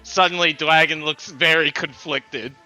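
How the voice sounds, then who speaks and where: Male player, slow and halting, very bright tone, playful narration. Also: on the high side, fairly even intonation, faint music behind. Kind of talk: tabletop role-play narration.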